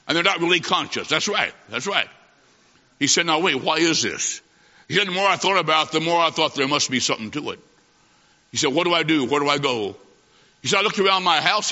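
A man preaching a sermon, telling a story dramatically with slow delivery and long pauses. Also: a little high, pushed and bright. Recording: hall reverb, dull lo-fi sound.

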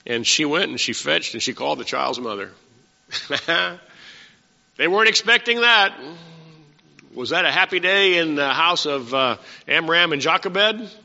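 A man's voice: fairly high pitch, animated, measured pace, creaky, pauses often, sharp tone, big-room sound, highs cut off. A man preaching a casual, conversational sermon, asking his congregation questions as he teaches.

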